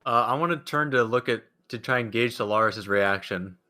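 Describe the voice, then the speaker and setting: A man's voice: medium pitch, moderate pace, bright, forceful tone. A man playing in a tabletop game who teases the others in a wry way. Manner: teasing, wry. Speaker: player. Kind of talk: casual tabletop game chat.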